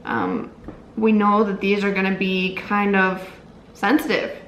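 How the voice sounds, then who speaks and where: A woman's voice: mid-range voice, expressive, measured pace, a bit bright, lo-fi sound. A woman co-hosting a casual vlog, chatting earnestly to camera and trailing off with fillers. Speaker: co-host of a couple's channel. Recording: roomy with faint noise.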